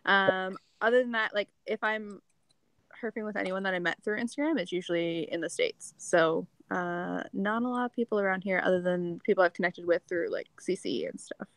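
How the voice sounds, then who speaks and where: A woman's voice: medium pitch, brisk, a bit bright, clean tone, no echo, poor audio. A woman with a Canadian accent, a podcast guest chatting casually, full of "like" fillers. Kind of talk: casual chat.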